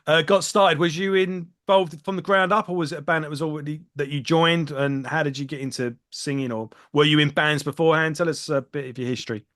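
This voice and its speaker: A man's voice: a little high, fairly even intonation, a little fast, hardly any pauses, fairly bright tone. A man hosting a podcast who asks questions hesitantly and stumbles over words. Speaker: podcast host. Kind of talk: casual interview questions.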